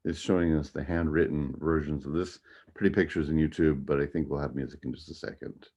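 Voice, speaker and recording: Deep-voiced man teaching music theory. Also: fairly even intonation, fairly quick, darkish tone. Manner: casual, hums and scats the melodies. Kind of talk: recorded online lecture. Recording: dull lo-fi audio.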